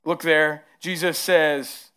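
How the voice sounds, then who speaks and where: A man with a Southern accent preaching a sermon as pastor, moving between hushed, tender lines and emphatic rises. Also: on the high side, little pitch movement, takes it slowly, clean tone.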